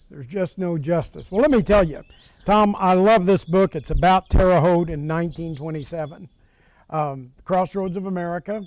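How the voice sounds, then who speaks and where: A man's voice: high voice, moderate pace, a little mellow. A man in his sixties from Indiana, hosting a show and telling folksy stories from his childhood, chuckling often. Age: 60s. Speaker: host. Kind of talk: storytelling in casual conversation.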